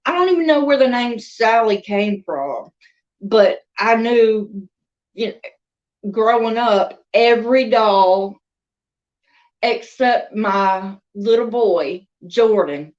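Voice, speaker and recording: A woman with a Southern drawl chats through a story in an unhurried way, her voice sitting a little high. She rambles from thought to thought. The recording sounds a bit muffled. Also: animated. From American South. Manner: rambling, chatty, laughs between thoughts. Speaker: crochet and doll vlogger. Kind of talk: casual storytelling chat.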